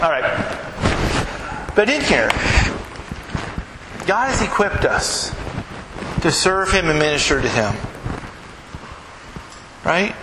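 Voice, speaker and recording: A male pastor giving a conversational sermon in a church, acting out quoted exchanges with emphatic rising peaks. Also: a little high. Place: church sanctuary. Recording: echoey hall, background noise.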